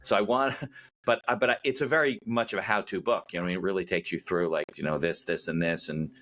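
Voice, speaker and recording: A man's voice: sits low, fairly even intonation, fast talker, fairly bright tone, slight background noise. A man hosting a podcast interview, asking rambling questions in a casual way. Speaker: podcast host.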